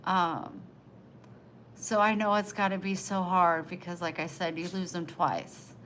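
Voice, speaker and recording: A woman's voice: on the low side, flat delivery, unhurried, a bit bright, slight background noise, low-quality recording. A woman livestreaming, chatting with her viewers in a tender, emotional, rambling way. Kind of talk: casual live chat.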